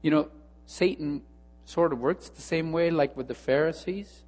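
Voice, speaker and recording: A male pastor preaching a sermon, telling a story and moving between hushed asides and emphatic repeated phrases. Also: fairly high pitch, moderate pace, few pauses, in a large hall.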